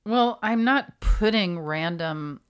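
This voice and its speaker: A woman co-hosting a podcast in casual chat, with dry, deadpan humor. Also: mid-range voice, slow pace, clean tone. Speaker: podcast co-host.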